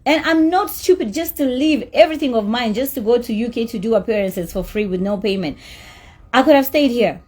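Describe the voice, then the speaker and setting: A woman's voice: a little high, a little fast, darkish tone. A woman telling a story about a dispute in an angry rant, heated and emphatic, with swearing. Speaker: celebrity recounting a dispute.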